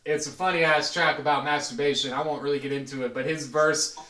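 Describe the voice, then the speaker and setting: A man hosting a casual podcast chat, leading the talk with relaxed slang and handing the word to his guests. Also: on the high side, brisk. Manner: relaxed, prompts the others, profane slang. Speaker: podcast host. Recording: roomy, distant mic.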